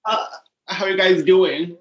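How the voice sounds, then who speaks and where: A woman's voice: fairly low pitch, measured pace, low-quality recording. A woman calling in to a comedy game over a video call, playful and giggly, putting on comic baby talk. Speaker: caller.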